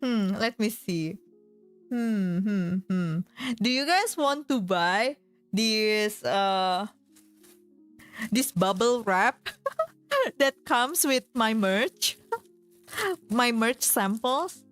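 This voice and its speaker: Slow-talking giggly woman streamer. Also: on the high side, lively intonation, fairly bright tone, smooth, soft background music. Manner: giggly, with many fillers. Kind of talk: casual chat.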